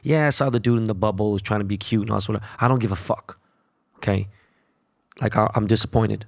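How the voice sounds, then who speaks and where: A young man hosting a sports podcast, ranting bluntly with constant profanity in a casual, animated way. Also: lowish voice, fast talker, gravelly, dry recording, studio quality. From Los Angeles. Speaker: podcast host.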